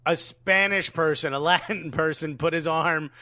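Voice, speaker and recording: Male comedy podcast co-host, high and bright, dry close sound, jokey and animated. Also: normal speed, no echo. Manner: joking, animated, acts out quotes. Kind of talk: casual comedic chat.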